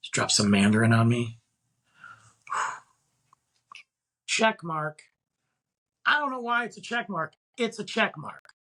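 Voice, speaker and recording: A man's voice: on the high side, a bit bright, slightly rough. A man in his forties casually telling a dating story on his podcast, rambling with lots of filler words and acting out both sides of the conversation. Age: 40s. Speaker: podcast host. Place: Texas.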